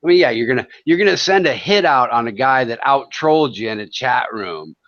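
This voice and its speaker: Speaking from his home in Thailand, a male livestream host with a mid-range, fairly bright, expressive voice talks fairly quickly as he rants at trolls in his chat, profane, taunting and sarcastic. The stream audio is dull and lo-fi.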